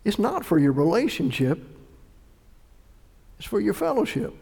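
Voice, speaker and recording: A male pastor with a high, gravelly voice delivers an emphatic sermon. He swings between forceful bursts and hushed asides. A long hall reverb trails each phrase. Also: huge pitch swings, measured pace. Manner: emphatic preaching with sudden shifts between loud and hushed delivery.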